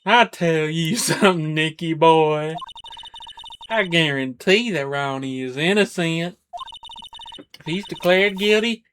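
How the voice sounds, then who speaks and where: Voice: medium pitch, slow pace, long pauses, a bit bright, a little hiss or hum. A performer voicing a flirty, theatrical woman in a fan dub of a video game, sugary and teasing.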